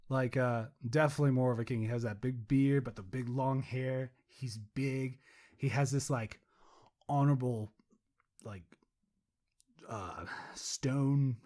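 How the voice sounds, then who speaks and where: A young adult man co-hosting a podcast, rambling casually, swearing and mocking himself. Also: mid-range voice. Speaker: podcast co-host.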